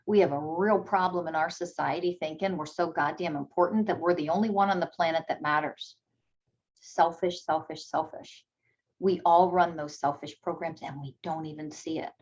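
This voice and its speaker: A woman giving a candid motivational talk, blunt and emphatic, swearing freely and acting out parent dialogue in a high sing-song. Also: steady tone, normal speed, a little mellow, slightly rough, dull audio. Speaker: self-development speaker.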